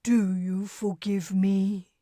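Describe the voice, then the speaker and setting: A woman's voice: medium pitch, flat delivery, slow, dark tone, dry recording, clean studio sound, lightly acted. A woman voicing a large, immortal alien woman who is sweet, dramatic and coaxing, and who talks in a gushing, pleading way.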